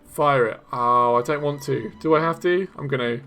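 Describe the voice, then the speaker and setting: A young man hosting a live developer stream, reacting excitedly to community builds while he plays and talks to chat. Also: medium pitch, moderate pace, clean tone.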